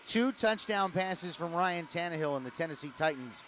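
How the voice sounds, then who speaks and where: Measured man calling hockey from the booth. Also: a little high, lively intonation, fairly bright tone, slight background noise, poor audio. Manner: measured, explanatory recapping. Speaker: play-by-play announcer. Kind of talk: hockey broadcast commentary. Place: arena broadcast booth.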